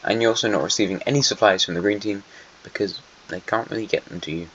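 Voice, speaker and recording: A young man narrates a strategy game in a loose, teasing way, talking straight to the countries on the map. His voice sits fairly low. The home recording sounds muffled and a little lo-fi, with faint background hiss. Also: fast, a bit bright. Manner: playful, chatty, teasing the nations on the map. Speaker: channel host. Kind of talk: casual gameplay commentary.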